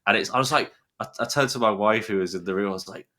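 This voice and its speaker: A man's voice: lowish voice, quick pace, sharp tone. A man from the United Kingdom with a British accent, chatting enthusiastically as a podcast guest, rambling a little with restarts. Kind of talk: casual podcast chat.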